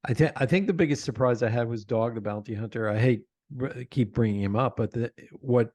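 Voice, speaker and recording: A man chatting as an interview guest in a dry, deadened space. His pitch sits in the middle range. He tells stories with animation and laughs often. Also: fairly quick, darkish tone, no echo. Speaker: podcast host, guest. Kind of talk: conversational interview.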